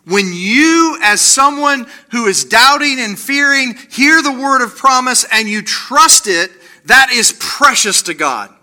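A man delivering a sermon in a high, bright, sharp-edged voice. His pitch swings widely as he acts out the voices he quotes. He slows to a hush on the lines he wants to land. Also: animated. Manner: drops to slow quiet emphasis on key lines. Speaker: pastor.

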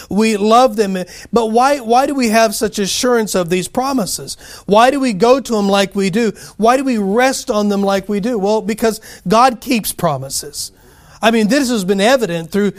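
A man preaches with a notably high voice and a folksy, conversational delivery. He repeats key phrases for emphasis and often restarts his sentences. It sounds like an easygoing sermon. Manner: folksy, repetitive, frequent restarts.

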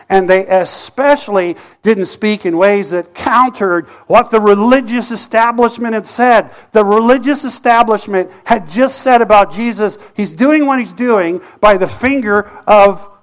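A pastor delivers a Sunday sermon in a fairly high male voice. He tells the story with drama, acting out the voices, swelling loud and then dropping to near quiet. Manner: dramatic storytelling, acting out quoted voices, wide swings in loudness.

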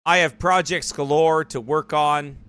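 A man's voice: fairly high pitch, fairly even intonation, a little slow, fairly bright tone, clean tone, no room sound. A man hosting a live church online broadcast, talking in a rambling, digressive way in casual commentary. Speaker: church livestream host.

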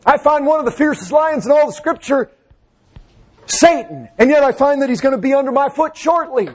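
A man preaching a fervent sermon, swinging between loud exhortation and low, hushed passages. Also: lively intonation, brisk.

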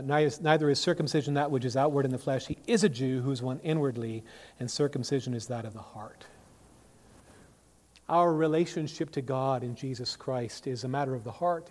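A male pastor preaching a sermon, emphatic, with sharp swings from loud to quiet and many rhetorical questions. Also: mid-range voice. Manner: emphatic, rises and falls sharply in volume, asks rhetorical questions. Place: church sanctuary. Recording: long reverb of a church hall.

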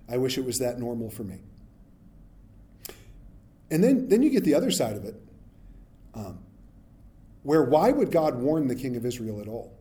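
A man's voice: mid-range voice, very animated, normal speed, pauses often, mellow. A man preaching a sermon in a conversational way, often asking "right?" and acting out the people of the story. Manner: conversational, asks "right?" often, acts out Bible characters. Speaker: pastor.

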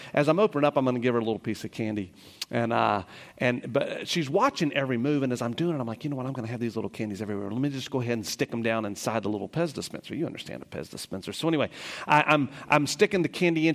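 A middle-aged man preaching a sermon at an ordinary pitch. He reads scripture slowly and softly, then tells stories with rising excitement. His voice carries a long reverb from the church sanctuary. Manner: storytelling with rising excitement and soft slow scripture reading.

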